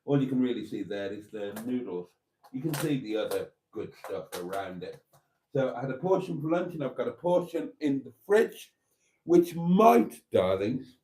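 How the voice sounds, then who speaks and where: A man with a mid-range voice chats warmly with viewers on his live stream. He's camp and talkative, laughs often, and calls them darlings.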